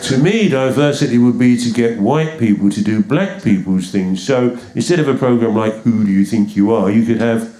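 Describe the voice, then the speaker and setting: A man's voice: mid-range voice, normal speed, few pauses, dark tone. A man doing stand-up with sardonic, provocative delivery. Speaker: stand-up comedian. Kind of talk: stand-up comedy. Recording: echoey club.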